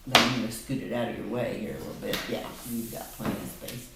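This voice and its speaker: Very low-voiced woman tutoring a child. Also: steady tone, gravelly, very noisy. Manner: patient, coaxing, slows down to model words. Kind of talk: one-on-one reading lesson. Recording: echoey room, mic at a distance.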